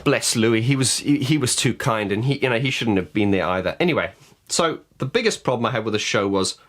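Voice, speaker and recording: A man vlogs to camera in a casual opinion rant, giving frank views bluntly and often restarting his words. He is a vocal coach, and his medium-pitched voice is expressive, brisk and fairly bright.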